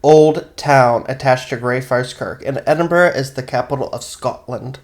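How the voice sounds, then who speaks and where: A man co-hosts a podcast, half reading a spooky history and half chatting around it. His voice sits at a plain middle pitch, and he breaks into casual asides as he goes. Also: moderate pace. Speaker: podcast co-host and storyteller. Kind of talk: casual chat and read narration.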